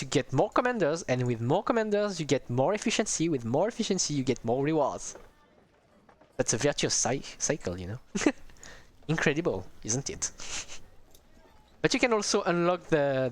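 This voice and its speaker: A streamer giving casual, rambling commentary on a strategy game, talking to viewers with many hesitations. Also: mid-range voice.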